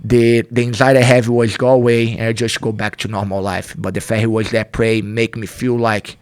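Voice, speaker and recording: A man's voice: on the low side, flat delivery, brisk, clear, resonant tone, no echo, studio quality. A middle-aged man with a Brazilian accent, a native Portuguese speaker, telling a candid personal story in a podcast conversation, earnest and emphatic. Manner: earnest, non-native grammar, emphatic repetition. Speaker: podcast guest, jiu-jitsu instructor.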